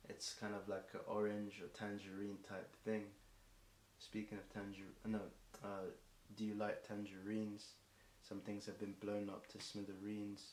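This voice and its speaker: A young man from England, streaming a marathon song, freestyles a little slowly in a low, flat voice. His delivery wanders, with frequent ums, stumbles and fresh starts, and hoarseness is creeping in. Echo and a faint hiss fill the recording space.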